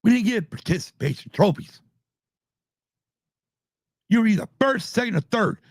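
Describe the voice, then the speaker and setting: A man's voice: high voice, expressive, normal speed, no room sound, studio quality. A man in his fifties, a podcast host, ranting angrily with heavy swearing on a live stream. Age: 50s. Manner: angry, swearing, heated. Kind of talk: profane live-stream rant.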